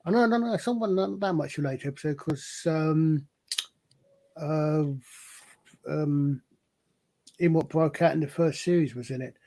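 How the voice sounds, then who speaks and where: Halting man chatting on a panel. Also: a little high, darkish tone. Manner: halting, many repeated words. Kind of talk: casual panel chat.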